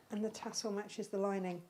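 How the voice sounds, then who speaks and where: A woman's voice: medium pitch, level tone, moderate pace, background noise. A woman hosting a live crafting channel, chatting casually and rambling fondly about handmade bags she is selling. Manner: chatty, rambling, fond of her makes. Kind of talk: casual live-stream product chat.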